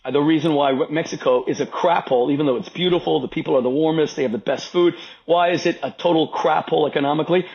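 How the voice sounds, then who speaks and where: Man, rabbi guest, emphatic, repetitive, high-ish voice, muffled lo-fi audio. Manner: emphatic, repetitive, talks over interruptions. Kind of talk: heated political conversation.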